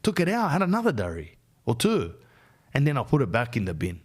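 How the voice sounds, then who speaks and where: A man's voice: medium pitch, wildly swooping pitch, a little fast. An Australian man hosting a podcast, giving blunt, slangy life advice in a casual monologue. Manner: blunt and slangy, keeps calling the listener "bro". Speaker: podcast host.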